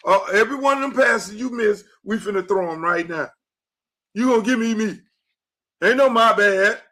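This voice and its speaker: Male podcast host from Miami, high and bright voice, profane fired-up sports rant with shouted asides. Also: moderate pace. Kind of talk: unfiltered sports commentary monologue.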